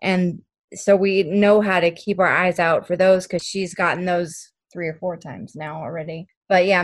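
A young woman, a parent, telling detailed stories in an earnest way during an interview. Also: on the low side. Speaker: parent of an autistic child. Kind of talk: interview conversation.

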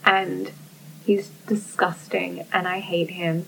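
A woman's voice: fairly low pitch, little pitch movement, takes it slowly, gravelly, recorded from a distance. A young woman talks candidly in an easy, casual chat. She swears freely and acts out what others said to her. A faint hiss sits behind her voice. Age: young adult.

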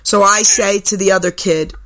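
An older woman hosting a radio talk show, telling a story with lively acted-out quotes. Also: medium pitch, normal speed. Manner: animated, acts out quoted voices. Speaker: radio host. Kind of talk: storytelling chat. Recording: radio broadcast.

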